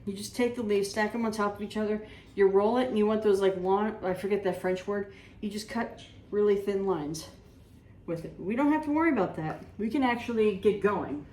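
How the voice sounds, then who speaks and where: A woman's voice: mid-range voice, fairly quick, warm tone, distant mic. A woman hosting a casual home cooking vlog, telling rambling stories and acting out what people said while she cooks in her kitchen. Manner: chatty, rambling anecdotes with reenacted dialogue. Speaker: cooking show host. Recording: roomy kitchen audio from off-mic.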